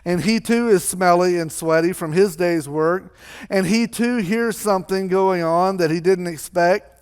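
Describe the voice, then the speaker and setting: High, clear-voiced storytelling pastor. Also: male voice, measured pace. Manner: storytelling, conversational, acts out characters. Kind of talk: sermon.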